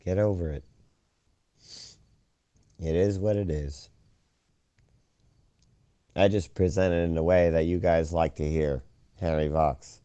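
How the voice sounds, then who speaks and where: A man hosting a profane conspiracy chat show, ranting and swearing, now and then shouting mockery. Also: sits low, steady tone, takes it slowly, pauses often, dry recording. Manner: ranting, swears a lot, swings loud and mocking.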